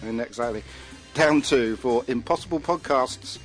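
Jokey podcast host, faint music. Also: male voice, medium pitch, normal speed, poor audio. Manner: jokey, laughs often, stumbles over words. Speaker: podcast host reading the chart. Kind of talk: casual podcast chat.

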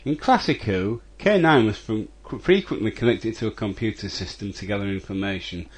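A man's voice: fairly low pitch, normal speed, breathy edge. A man reading out a listener's audio message to a podcast, going through his notes point by point. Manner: reads notes in a list-like way. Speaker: listener sending audio feedback.

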